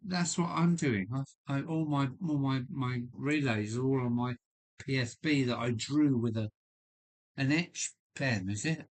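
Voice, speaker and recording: A man with a deep voice hosting a casual live stream from his loft, rambling with many fillers and restarts while chatting with viewers. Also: measured pace. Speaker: livestream host. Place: home loft.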